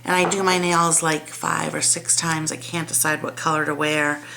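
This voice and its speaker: A woman's voice: sits low, little pitch movement, normal speed, gravelly, pushed and bright, slight background noise. A woman vlogger chatting casually at home about lipsticks and nail polish, rambling, trailing off and restarting, poking fun at herself. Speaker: beauty vlogger. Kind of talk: casual product review chat.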